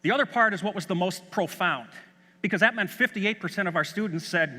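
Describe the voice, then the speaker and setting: A man's voice: high-pitched, fairly quick, sharp tone. A middle-aged man from Chicago, a school superintendent, giving an enthusiastic, story-driven conference keynote in a large hall. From Chicago, USA. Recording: long hall reverb.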